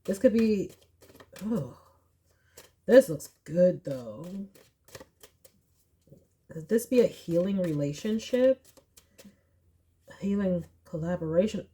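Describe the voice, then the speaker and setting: Woman, tarot reader, casual chat, animated asides, unhurried delivery. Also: on the low side. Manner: chatty, animated, slangy asides and acted-out quotes. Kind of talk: casual pick-a-card tarot reading.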